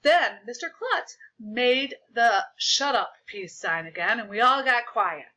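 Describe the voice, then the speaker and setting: A woman reads a children's story aloud with animated expression. Her voice is fairly high, bright and very lively in pitch. The recording is dull and lo-fi. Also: slow. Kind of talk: children's book read-aloud.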